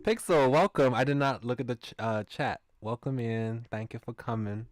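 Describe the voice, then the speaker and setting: A young man streaming, reading and reacting with animated exclamations. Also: medium pitch, normal speed, dry recording.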